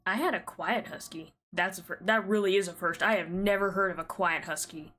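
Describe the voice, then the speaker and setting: A woman's voice: lowish voice, fairly quick, fairly bright tone. A woman with a thick American Southern accent, chatting casually with rambling asides while streaming a game.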